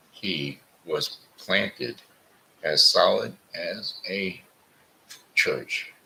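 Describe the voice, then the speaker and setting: Very deep-voiced man reading a tall tale. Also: creaky, bright, forceful tone, slight background noise, poor audio. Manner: deliberate reading with frequent restarts. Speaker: host reading a story aloud. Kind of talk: storybook reading.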